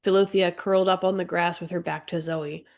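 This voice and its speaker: A woman narrating an audiobook in a measured, gentle storytelling manner. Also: lowish voice, fairly even intonation, creaky. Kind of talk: scripted narration.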